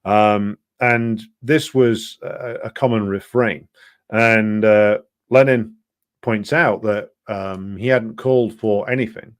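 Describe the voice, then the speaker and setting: A man presenting a political history programme, talking it through unscripted in an earnest, lecturing way, halting often with ums and restarts. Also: on the low side, fairly even intonation, smooth, no room sound, studio quality. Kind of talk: unscripted explanatory talk.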